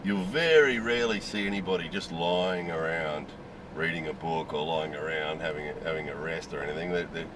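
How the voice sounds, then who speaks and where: A man's voice: low-pitched, a little fast, background noise. A middle-aged man with an Australian accent, talking casually and candidly to camera, rambling with lots of "you know"s. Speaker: video host. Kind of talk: casual opinion talk.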